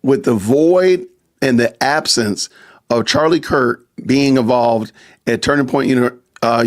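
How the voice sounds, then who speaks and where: A man hosting a casual live-stream podcast, chatty, reading viewer comments aloud. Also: mid-range voice. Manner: chatty, reads viewer super chats aloud, frequent laughs and asides. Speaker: podcast host.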